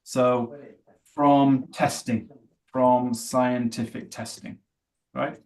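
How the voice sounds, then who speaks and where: A man's voice: medium pitch, flat delivery, drawn-out words, darkish tone. A man teaching an English vocabulary class, asking students questions and encouraging them. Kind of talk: live online class.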